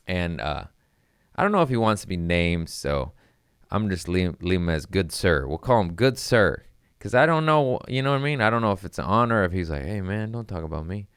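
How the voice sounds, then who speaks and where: A man's voice: low voice, a bit bright, clean tone, no echo, studio quality. A man, a comedian hosting his own show, telling stories in a rambling, profane, laid-back way. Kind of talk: casual storytelling chat.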